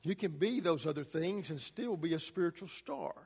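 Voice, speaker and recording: A man's voice: fairly high pitch, normal speed, gravelly, a little mellow, breathy edge, in a large hall. A man preaching a sermon to a congregation, emphatic, his delivery rising and falling. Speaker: pastor.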